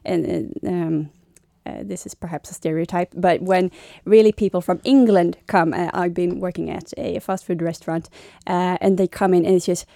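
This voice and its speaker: Chatty Swedish woman with a mellow voice. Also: fairly low pitch, fairly even intonation, moderate pace, gravelly, no echo, studio quality. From Stockholm, Sweden. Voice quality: mimics accents, chatty with many fillers. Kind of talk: casual chat.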